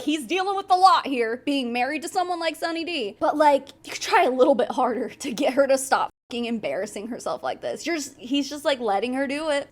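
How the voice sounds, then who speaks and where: A young woman giving blunt, sarcastic commentary, swearing freely. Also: high voice. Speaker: commentary YouTuber. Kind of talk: casual commentary.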